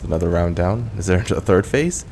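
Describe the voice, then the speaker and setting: A man's voice: low voice, moderate pace, gravelly. A man casually commenting on a game and reading its text aloud. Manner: relaxed, reads dialogue and narration aloud. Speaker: gamer.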